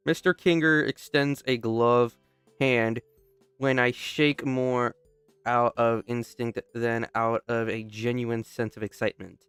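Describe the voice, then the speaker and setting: A young man reads through a game out loud, commenting casually as he plays. He often stops mid-line, restarts, and slips into quick joking asides. His voice is smooth and resonant, recorded dry on a close mic. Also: medium pitch, steady tone, dry recording, faint music behind. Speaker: gamer. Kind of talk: casual playthrough commentary, reading game text aloud.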